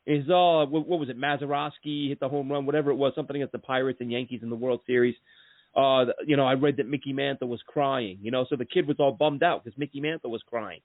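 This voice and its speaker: This male host of a casual sports podcast has a mid-range voice, heard in a dry recording with a tinny phone-line quality. He rambles through long, animated stories, frequently starting over and veering into asides.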